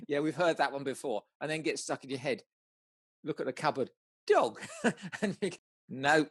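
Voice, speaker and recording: A man's voice: mid-range voice, husky, no room sound. A man guiding a listener through an exercise in casual conversation, stumbling over words, restarting often and laughing as he goes.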